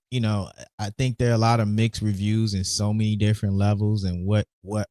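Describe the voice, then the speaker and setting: A man's voice: lowish voice, mellow, no room sound, clean studio sound. A man hosting a casual sports podcast, laid back, repeating words and restarting often. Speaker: podcast host.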